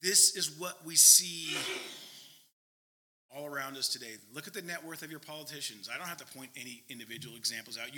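High, bright-voiced man preaching emphatically. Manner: earnest, emphatic preaching with quick asides and mock voices. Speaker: pastor. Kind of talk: sermon.

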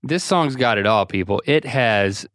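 A man co-hosting a podcast, talking in an animated, jokey way. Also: mid-range voice, unhurried, no echo, studio quality. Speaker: podcast co-host. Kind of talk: casual chat.

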